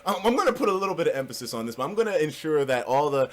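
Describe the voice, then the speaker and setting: A man's voice: a little high, sing-song, racing. A man telling a story on his vlog in an emphatic, profane and heated way. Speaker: vlogger.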